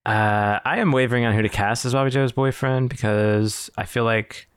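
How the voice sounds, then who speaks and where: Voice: mid-range voice, normal speed, clean tone, no room sound, studio quality. A podcast host in casual improv comedy chat, hesitant and stammering, laughing often.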